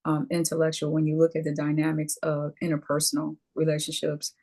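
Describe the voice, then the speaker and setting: Lively, emphatic low-voiced woman. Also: brisk. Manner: lively and emphatic, with playful asides. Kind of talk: casual talk-show chat.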